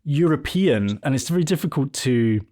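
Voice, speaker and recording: A man of middle pitch hosting a film podcast. He speaks in a thoughtful, academic way and builds his points as he talks with his guest. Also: expressive, moderate pace, dark tone. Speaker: podcast host. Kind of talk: conversational podcast interview.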